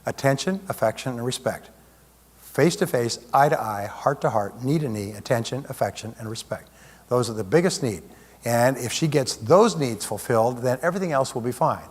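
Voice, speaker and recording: A man's voice: mid-range voice, expressive, moderate pace, breathy edge. A man giving a live seminar talk as a motivational speaker, conversational, with plenty of rhetorical questions. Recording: long hall reverb.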